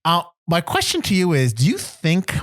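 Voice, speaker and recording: A man co-hosting a casual movie podcast, talking in an animated, mocking way and laughing often. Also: on the high side, normal speed, no room sound, studio quality. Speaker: podcast co-host.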